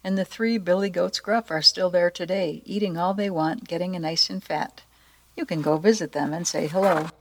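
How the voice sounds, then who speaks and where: A woman reading a children's story aloud in a playful, expressive way. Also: lowish voice, normal speed. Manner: playful, expressive narration with asides.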